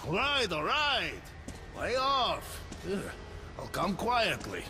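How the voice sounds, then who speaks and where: A man's voice: sits high, huge pitch swings, takes it slowly, echoey room, long reverb tail, music in the background, heavily acted. An actor playing a flippant, joking male comedian being arrested in a video game. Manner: wisecracking, flippant.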